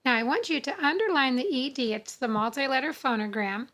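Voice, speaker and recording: A woman teaching English spelling, sounding out words slowly and repeating each rule. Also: high-pitched, fairly bright tone. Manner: slow, deliberate, sounding out words and repeating rules. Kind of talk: phonics lesson.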